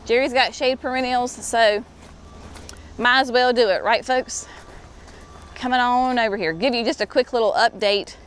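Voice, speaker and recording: A woman's voice: a little high, steady tone, normal speed, pauses often, slight background noise. A woman hosting a casual walkthrough of a plant nursery, chatty and enthusiastic, saying "y'all". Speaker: garden center host.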